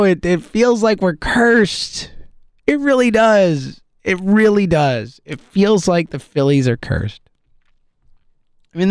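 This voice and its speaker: A man's voice: high-pitched, dry recording, studio quality. A man, ranting in frustration about his baseball team, rambling and laughing bitterly. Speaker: sports fan commentator. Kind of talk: ranting sports commentary.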